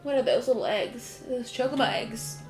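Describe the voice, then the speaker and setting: A young woman streaming a video game, chatting casually and emotionally with lots of fillers and soft laughs. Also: on the high side, moderate pace. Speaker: gaming streamer. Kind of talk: casual let's-play commentary. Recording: echoey room, game music behind.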